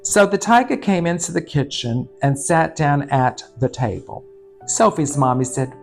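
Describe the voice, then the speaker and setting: A man's voice: a little high, expressive, a little slow, gravelly, soft background music. Campy drag queen reading a storybook. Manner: campy, sardonic, bawdy asides. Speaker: storytime host and drag performer. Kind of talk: reading a picture book aloud with comic asides.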